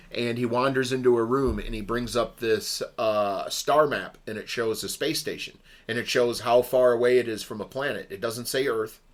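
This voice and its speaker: Male podcast co-host, casual, halting movie recap full of fillers. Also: on the low side, fairly bright tone. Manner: rambling, many ums and restarts.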